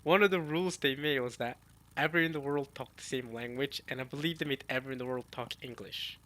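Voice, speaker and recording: A man with a bright, forceful voice reacts casually to a manga chapter. He talks straight to his viewers and thinks out loud as he goes. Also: medium pitch, fast. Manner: chatty, addresses viewers as y'all, muses aloud. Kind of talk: casual reading and reaction chat.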